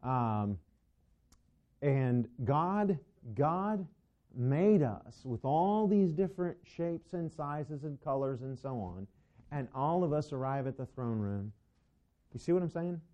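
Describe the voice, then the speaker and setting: A man's voice: a little high, expressive, slow, muffled recording. A man teaching a Bible lesson to a class in a conversational, digressive way, with asides to his students.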